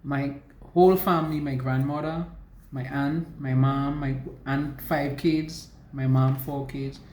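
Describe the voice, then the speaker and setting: A woman from the US Virgin Islands, a survivor, shares her personal testimony in an extremely low, dark voice with a steady tone. She speaks haltingly, with restarts and slow emotional stretches, and the recording is echoey.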